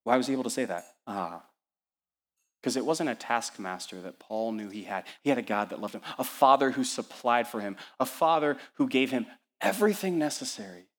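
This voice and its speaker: Male pastor, mid-range voice, energetic sermon delivery at church, fond of lists and rhetorical questions. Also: mid-range voice, a little fast.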